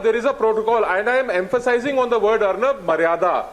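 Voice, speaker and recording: A man's voice: high-pitched, fast, a bit bright. A man with an Indian accent speaking as a panelist in a televised debate, impassioned and stammering as he pushes into his points.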